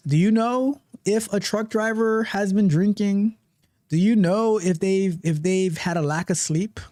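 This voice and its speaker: A man hosting a live tech stream, talking casually with animated, repetitive joking asides. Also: sits high, no room sound, studio quality. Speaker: livestream tech show host.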